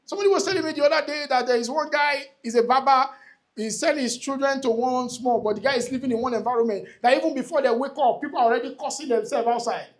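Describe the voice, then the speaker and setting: A man speaks quickly in a very high-pitched voice, delivering a motivational talk before an audience in a real estate event hall. He repeats himself emphatically and keeps calling out to the crowd.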